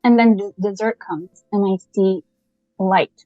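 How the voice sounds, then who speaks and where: A woman from Canada, a podcast guest, telling a personal story in a lively, casual way and laughing often as she goes. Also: mid-range voice, unhurried, no room sound, dull audio, soft background music.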